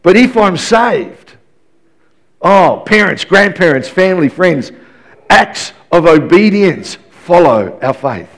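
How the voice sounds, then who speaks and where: A man's voice: high voice, sing-song, slow. A man in his fifties preaching a sermon in an emphatic, repetitive way, often restarting his sentences.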